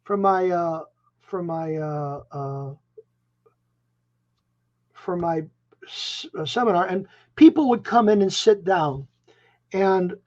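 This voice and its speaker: A man in his seventies from Chicago, a musician guest telling stories in a rambling, animated way, often restarting his phrases. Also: high voice. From Chicago, USA. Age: 70s. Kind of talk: casual interview storytelling. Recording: dull lo-fi audio.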